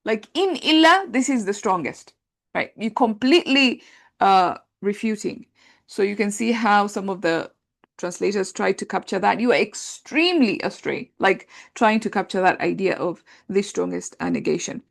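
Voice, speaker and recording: A woman teaching an Arabic grammar class, talking through translations in a relaxed conversational way with many fillers. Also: medium pitch, moderate pace, creaky. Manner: explains patiently, thinks aloud with many fillers; reads translations aloud and compares them.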